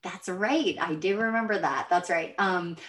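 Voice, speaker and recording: A woman hosting a casual chat, speaking in a reflective, thoughtful and measured way. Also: on the low side, a bit bright.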